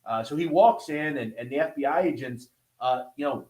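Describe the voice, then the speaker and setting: A man's voice: mid-range voice, moderate pace. A man hosting a podcast, telling history in a casual, conversational way, swearing now and then and checking in with listeners as he goes. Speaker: podcast host. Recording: roomy echo.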